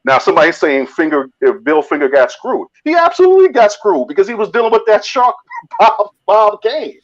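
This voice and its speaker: A man's voice: high voice, sing-song, a little fast. A man on a live panel arguing his point at length and with emphasis, often restarting his sentences. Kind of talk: casual live panel chat. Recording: muffled lo-fi audio.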